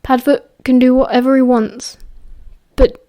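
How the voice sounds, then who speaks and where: A woman's voice: high voice, flat delivery, measured pace, mellow. A woman with a British accent voicing a guarded, gloomy teenage schoolboy who answers tersely and reluctantly. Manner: terse, reluctant, brief replies.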